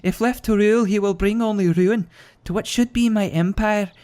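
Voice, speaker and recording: A scheming, ambitious princess with a put-on Scottish accent, as a man voices her in falsetto. The voice sits far higher than his usual register. The delivery is theatrical and conniving, like a game character reading out a plot against her father. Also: steady tone, normal speed, darkish tone, clean tone, natural voice.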